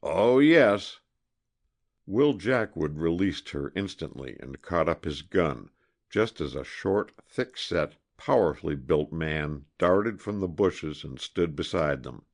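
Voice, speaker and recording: A male audiobook narrator with a very low voice, reading a historical adventure with dramatic expression. His pitch moves in a lively, animated way through the prose. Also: measured pace. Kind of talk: scripted narration of a historical novel.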